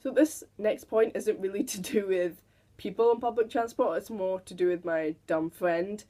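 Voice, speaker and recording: Mellow and medium in pitch, this teen girl's voice moves at a moderate pace as she tells stories on camera for her vlog. She's casual and giggly, chatting away and now and then mimicking others in quoted voices.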